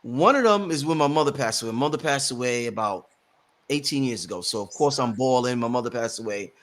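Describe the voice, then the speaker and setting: A man in his thirties hosting a livestream, telling stories in an animated, slangy way and often repeating words. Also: medium pitch, a little fast. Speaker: livestream host. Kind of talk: casual livestream chat.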